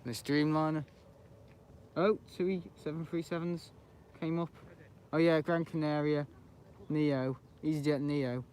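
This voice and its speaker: A man's voice: fairly high pitch, steady tone, unhurried, a little mellow, slight background noise. A man giving rambling, chatty live commentary while planespotting outdoors beside an airport, often correcting himself. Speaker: planespotting livestreamer.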